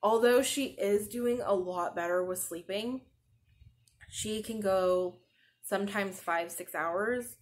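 A woman's voice: mid-range voice, takes it slowly. A woman in her thirties hosting a podcast, chatting casually and rambling with lots of "like," sleep-deprived as a new mother. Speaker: podcast host. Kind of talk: casual chat.

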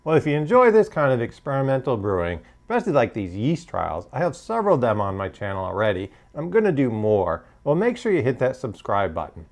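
A man's voice: mid-range voice, huge pitch swings, fairly quick, hardly any pauses. A man hosting a homebrewing channel, casually reviewing his beers in a hesitant, hedging way, full of fillers.

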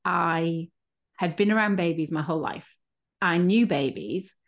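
A woman's voice: on the low side, unhurried. Frank middle-aged woman hosting a chat. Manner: frank, open, laughs easily. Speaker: podcast host, coach. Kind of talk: casual interview chat.

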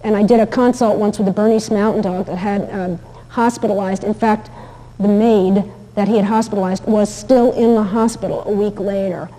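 A woman's voice: medium pitch, steady tone, moderate pace, warm tone, big-room sound, poor audio. A woman teaching about dog behavior in a chatty, anecdotal lecture, with many fillers and restarts. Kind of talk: recorded lecture with video clips.

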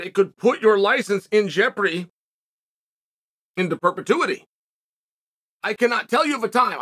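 Male host, commentary monologue, sharp bright tone, emphatic and sarcastic. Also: high-pitched. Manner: emphatic, argumentative, sarcastic asides.

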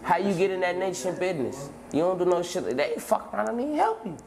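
A man telling a long story as an interview guest, in heavy street slang, acting out scenes with sudden shouts and voices. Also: sits high, very animated, fast talker, creaky, crowd noise. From Chicago. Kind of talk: animated storytelling.

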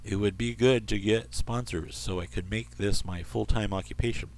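A man hosting an internet radio show, reading odd news stories in a rambling way and slipping into soft asides. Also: fairly low pitch, steady tone, normal speed.

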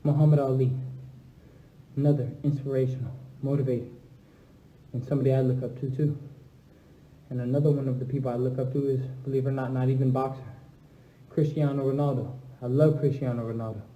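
A young man chatting casually on a phone livestream alone in an empty house, shifting between low, subdued talk and loud, hyped trash talk. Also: flat delivery, fast talker, pauses often, phone-quality sound. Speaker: livestream host answering fans. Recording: echoey room.

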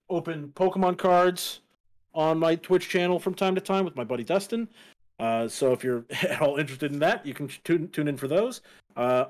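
A young man co-hosting a casual live-stream talk show, relaxed and easygoing, laughing often. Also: on the high side. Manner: easygoing, plugs his channels, laughs often. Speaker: co-host.

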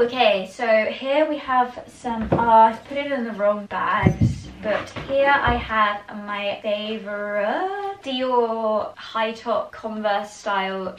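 A young British woman vlogging casually about her sneakers, chatty and gushing with quick asides. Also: on the high side, echoey room, far from the mic, slight background noise, low-quality recording. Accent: British English. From England. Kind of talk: casual sneaker collection haul.

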